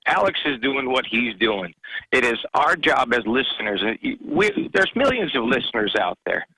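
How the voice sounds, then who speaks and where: A man's voice: medium pitch, very animated, bright, forceful tone, husky, no room sound, low-quality recording. A man calling in to a talk radio show, a truck driver speaking earnestly and with passion, stumbling over his words. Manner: earnest, impassioned, halting.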